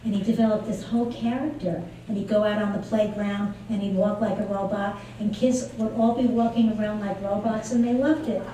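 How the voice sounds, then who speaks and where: Mellow-voiced woman lecturing in an echoey hall. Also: mid-range voice, fairly even intonation, a little fast, few pauses. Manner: conversational storytelling, frequent fillers. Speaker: keynote speaker on early childhood play. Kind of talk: conference lecture. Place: large lecture venue. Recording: echoey hall from far off, faint noise.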